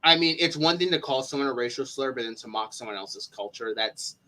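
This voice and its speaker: A man's voice: medium pitch, animated, fairly quick, bright, forceful tone. A man chatting as a guest commentator, stammering and repeating words, often apologetic. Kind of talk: casual chat.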